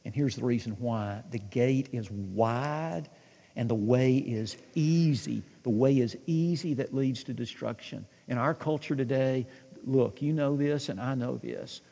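A man's voice: mid-range voice, measured pace, vocal fry, warm tone, long reverb tail. A man in his sixties preaching a sermon, telling stories with animation and asking the congregation questions. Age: 60s. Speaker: pastor.

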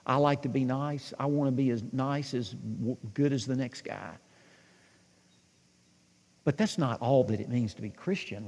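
A man's voice: medium pitch, vocal fry, mellow, breathy edge, big-room sound. A man in his sixties preaching a sermon, telling stories with animation and asking the congregation questions. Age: 60s. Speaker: pastor.

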